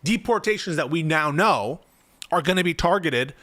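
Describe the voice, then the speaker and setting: A man's voice: on the high side, expressive, moderate pace, bright, forceful tone, dry recording, clean studio sound. A young man streaming casual political commentary. He thinks aloud, answers his chat, and grows emphatic when he argues.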